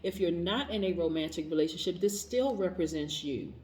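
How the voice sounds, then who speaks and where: A woman giving an upbeat tarot reading to camera, hyping her viewers with quick motivational chatter and affirmations. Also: lowish voice, reverberant, slight background noise. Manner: energetic, hype-style motivational chatter with affirmations. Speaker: tarot reader.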